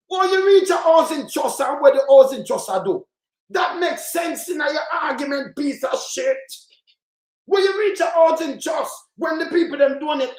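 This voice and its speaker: A man with a Jamaican accent hosting his own channel, ranting angrily about politics in a rambling, patois-laced way and swearing often. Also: very high voice. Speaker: channel host. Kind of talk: heated political rant. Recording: roomy echoey sound.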